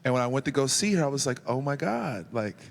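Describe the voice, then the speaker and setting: A man's voice: medium pitch, rapid-fire. A man in his thirties, a former basketball player, telling stories as an interview guest and acting out his own past words in a raised voice. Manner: animated, acts out his own quotes in a raised voice. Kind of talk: interview storytelling. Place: large indoor hall at a museum event. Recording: reverberant hall.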